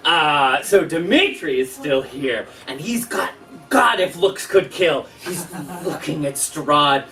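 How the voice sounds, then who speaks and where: A man running a tabletop game as dungeon master, describing action in a relaxed way with many fillers, recorded from a distance with music behind. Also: fairly high pitch, takes it slowly. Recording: distant mic with background music.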